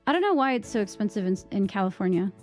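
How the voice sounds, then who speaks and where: A young woman from Massachusetts with a Boston accent, chatting casually with her stream viewers, rambling with lots of fillers, on a boom-arm mic at home. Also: sing-song, quick pace, faint music behind. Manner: rambling, many fillers and restarts. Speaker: live streamer. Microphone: microphone on a boom arm.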